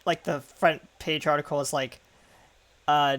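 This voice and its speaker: A man's voice: fairly high pitch, steady tone, measured pace, fairly bright tone. A man playing a tabletop game, joking and describing the scene. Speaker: player. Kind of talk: tabletop role-play chat.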